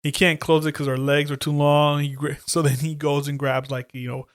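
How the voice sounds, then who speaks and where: A man's voice: a little high, normal speed, dry recording, studio quality. A man on a podcast retelling a horror movie plot in casual chat, swearing a lot and acting out the characters' lines. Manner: animated storytelling, heavy swearing, acts out lines. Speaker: podcast co-host.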